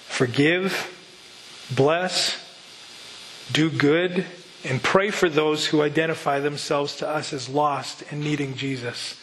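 Bright-voiced male preacher telling a story. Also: on the high side, slight background noise, low-quality recording. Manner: earnest storytelling, rhetorical questions. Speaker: pastor. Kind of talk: sermon.

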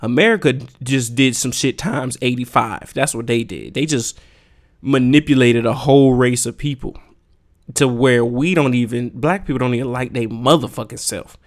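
A man's voice: medium pitch, normal speed. A man hosting a podcast, delivering a heated, profane solo rant full of emphatic rhetorical questions. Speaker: podcast host. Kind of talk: casual ranting monologue.

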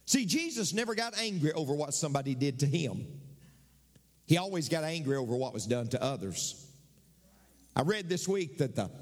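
A fairly high-voiced man preaching with emphasis, driving key phrases home by repeating them. He slips jokes in among verses. His voice rings out with a long hall reverb. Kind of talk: sermon.

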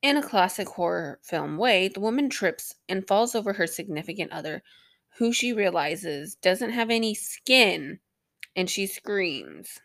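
A woman's voice: mid-range voice, big pitch swings, a little slow, a bit bright, no room sound. A young woman hosting a podcast, recapping an episode in a rambling, sarcastic way with plenty of swearing and filler words. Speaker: podcast host.

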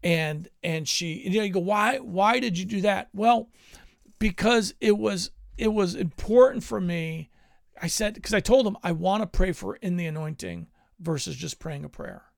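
A man preaches in an earnest, conversational teaching style, moving from personal stories to scripture. His voice sits high and carries heavy gravel. The sound is close and dry, with no room around it. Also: lively intonation, normal speed, a little mellow, no echo. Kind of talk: teaching sermon.

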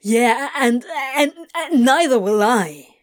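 A woman voicing a swearing, exasperated male demon who talks loudly and frantically. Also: fairly high pitch, expressive, takes it slowly. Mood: frantic. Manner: loud, exasperated, cursing.

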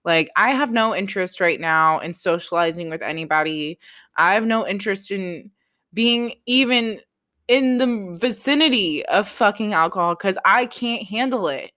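A young woman speaks straight to the camera in a confessional vlog. Her talk is raw and self-critical, full of swearing and halting restarts, at a pitch typical for a woman. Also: lively intonation, sharp tone. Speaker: vlogger.

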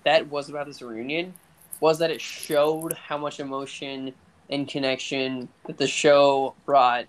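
A young man co-hosting a casual podcast chat, talking haltingly with many restarts and stammers. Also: mid-range voice, level tone. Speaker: podcast co-host.

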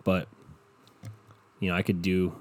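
A man's voice: low voice, monotone, unhurried. A young man hosting a podcast, ranting casually and sarcastically about football with lots of swearing. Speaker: podcast host. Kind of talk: casual sports rant.

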